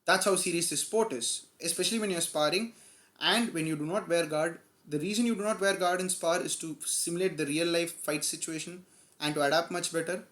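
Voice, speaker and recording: Fast-talking man telling a story. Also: fairly high pitch, echoey room. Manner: animated, emphatic retelling with quoted dialogue. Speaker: vlogger telling a personal story. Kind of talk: casual storytelling to camera.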